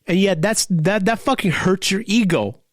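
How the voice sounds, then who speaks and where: With clean studio sound and no echo, a man with a high-pitched voice delivers an angry political rant at a moderate pace. Hosting his own podcast talk show, he's profane and heated, rambling and restarting frequently.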